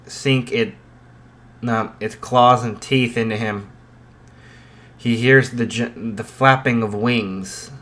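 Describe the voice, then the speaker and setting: Man, storyteller, slow pace, mid pitch, lots of fillers and restarts, improvised narration. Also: bright, forceful tone. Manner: unhurried, with many fillers and restarts.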